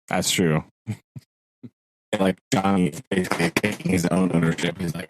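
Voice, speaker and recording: A man's voice: sits low, fairly even intonation, normal speed, long pauses, slight background noise, rough recording. A man co-hosting a podcast, chatting casually and animatedly about a novel, laughing often and quoting characters. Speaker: podcast co-host. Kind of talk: casual book discussion.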